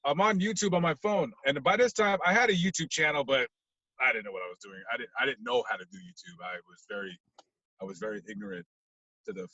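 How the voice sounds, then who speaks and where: A man, a podcast guest, animatedly telling a story, acting out scenes and swinging from hushed to loud. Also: on the high side, no echo, lo-fi sound.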